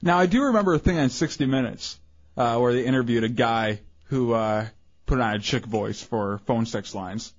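A man co-hosting a radio show, telling crude stories and ribbing his partners. His voice is mid-pitched and the sound is dull and slightly lo-fi. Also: normal speed. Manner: crude storytelling, teasing. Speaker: radio co-host. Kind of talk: casual radio banter.

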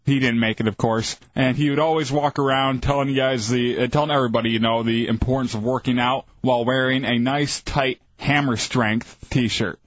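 A man's voice: medium pitch, steady tone, normal speed, hardly any pauses, no room sound, muffled recording. A man co-hosting a podcast, chatting casually with laid-back wisecracking asides. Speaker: podcast co-host. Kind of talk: casual chat.

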